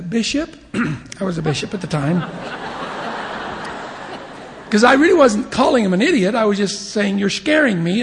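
A man in his fifties preaches with a light, storytelling touch, bouncing into voices for the people in his anecdotes. His voice sits high for a man and carries a gravelly edge, and it rings out in a large hall with a long echo. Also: slight background noise. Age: 50s. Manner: animated storyteller acting out voices, chuckling often. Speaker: church leader giving a devotional talk. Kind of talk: humorous sermon with stories.

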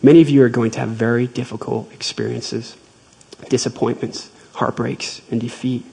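Gravelly, husky-voiced man telling a story. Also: mid-range voice, little pitch movement, dark tone, poor audio. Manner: measured, earnest storytelling. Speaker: speaker retelling a faith story. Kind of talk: devotional talk with storytelling.

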